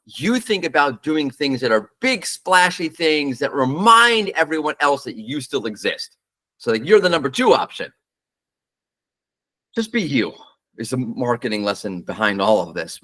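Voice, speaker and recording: Bright-voiced blunt man giving commentary. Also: mid-range voice. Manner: blunt, opinionated, talks off the cuff with fillers. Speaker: marketing commentator. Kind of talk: casual solo commentary.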